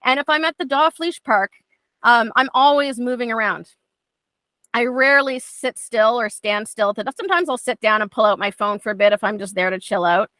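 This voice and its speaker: A woman's voice: on the high side, moderate pace, no echo. A middle-aged woman, teaching a dog training class in a casual, chatty way, often acting out what her dogs think. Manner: chatty, acts out her dogs' thoughts in lively voices.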